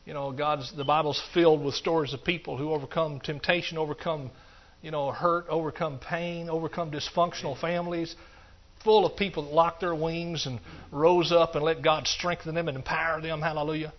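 A man's voice: a little high, steady tone, a little fast. A man preaching a sermon, repeating phrases in a rhythmic build and dropping in hallelujahs. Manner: rhythmic, repetitive, punctuated with hallelujahs. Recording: dull, muffled recording.

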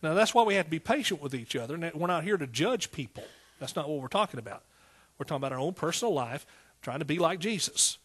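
A man's voice: on the high side, expressive, quick pace, a bit bright, slightly rough. Folksy East Texas preacher man. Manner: folksy, call-and-response preaching. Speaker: pastor. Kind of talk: sermon.

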